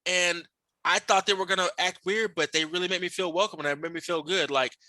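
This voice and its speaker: A man telling stories in a casual podcast chat, animated and profane, acting out the voices of people he met. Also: high-pitched, brisk, no echo. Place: podcast studio.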